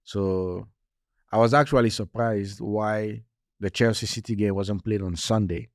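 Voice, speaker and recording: A man with a fairly low voice co-hosts a casual football chat, making his points with emphasis and saying them again. The sound is close and dry, with no room around it. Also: fairly even intonation, measured pace, no echo. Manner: conversational, emphatic, repeats points. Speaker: podcast co-host.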